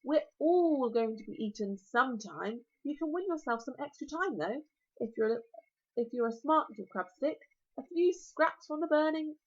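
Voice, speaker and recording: A woman's voice: sits high, lively intonation, normal speed. Woman voicing the Green Death, a smug dragon. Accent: British. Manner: grand, cheerfully menacing. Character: huge, smug, philosophical male dragon. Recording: lo-fi recording.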